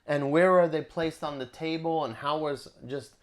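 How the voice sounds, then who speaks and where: A man co-hosting a casual game development stream. He talks haltingly, with false starts, and his voice sits a bit high for a man. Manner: halting, hesitant. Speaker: game artist co-host. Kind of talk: casual livestream chat.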